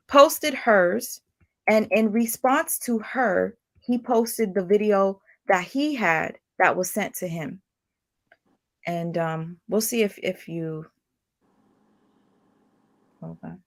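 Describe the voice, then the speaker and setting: Gravelly-voiced woman hosting a panel. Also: mid-range voice. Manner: probing, halting, repeats her questions. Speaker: panel host. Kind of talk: live online panel discussion.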